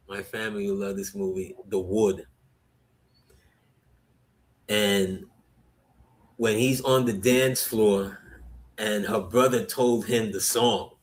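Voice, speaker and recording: A man in casual podcast chat, reminiscing enthusiastically and laughing along. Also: fairly low pitch. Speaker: podcast co-host.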